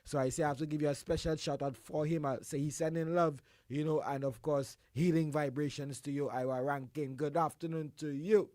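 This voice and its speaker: A man hosting a radio show, his voice hoarse from the flu, loudly calling out greetings and shout-outs and then settling into quieter chat. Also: on the high side, fairly even intonation, a little fast, few pauses, no room sound, clean studio sound. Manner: exuberant, shouts greetings, drops into a quieter voice between. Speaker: radio host.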